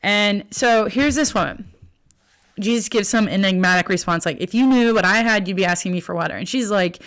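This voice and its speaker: A woman's voice: medium pitch, brisk, a bit bright, smooth. A young woman teaching a Bible lesson in a casual, chatty way, with many fillers as she retells the story.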